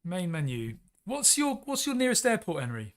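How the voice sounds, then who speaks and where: A man's voice: high voice, huge pitch swings, normal speed. An English man hosting a live flight simulator stream, upbeat and chatty, laughing often and coaxing viewers into the chat.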